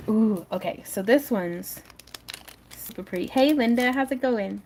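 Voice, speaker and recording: A woman's voice: fairly high pitch, takes it slowly, a little mellow, a little hiss or hum. A woman hosting a casual craft livestream, chatting with viewers and her pets while she works, laughing often.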